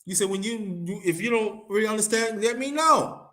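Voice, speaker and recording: High, bright-voiced man hosting a panel. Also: moderate pace. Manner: urging and direct, with frequent back-channel affirmations. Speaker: panel host. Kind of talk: casual panel talk.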